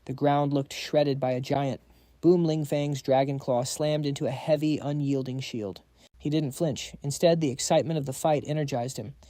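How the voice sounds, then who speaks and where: Mellow male recap narrator, dry close sound. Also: medium pitch, steady tone, normal speed, no echo. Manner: dramatic storytelling.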